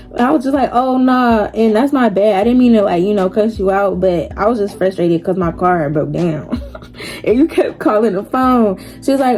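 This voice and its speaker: A woman's voice: mid-range voice, a little mellow. A young woman telling a story casually while doing her makeup, chatty and slangy, laughing often. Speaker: vlogger.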